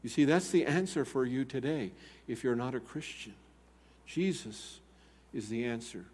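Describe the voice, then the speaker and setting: An older man preaching a sermon as pastor, swinging between loud urgent appeals and quiet, slow emphasis. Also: medium pitch, breathy edge. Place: church sanctuary. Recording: long hall reverb.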